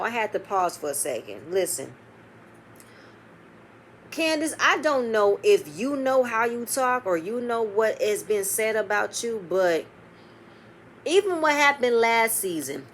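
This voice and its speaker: Lady doing a reality show recap, lively and chatty, curses a lot, slight hiss behind her. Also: mid-range voice. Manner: animated, quotes cast members, swears freely. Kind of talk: casual recap commentary.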